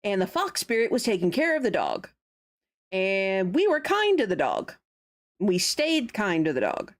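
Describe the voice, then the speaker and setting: A woman's voice: mid-range voice, big pitch swings, a little slow. A young woman streaming a game, chatting casually and laughing often as she comments on the story. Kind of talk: casual let's-play commentary.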